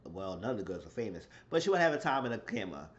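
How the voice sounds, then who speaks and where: A man casually recapping a reality show episode, telling it in an animated, profane way. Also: racing, muffled recording. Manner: animated storytelling, shifting into high acted quotes.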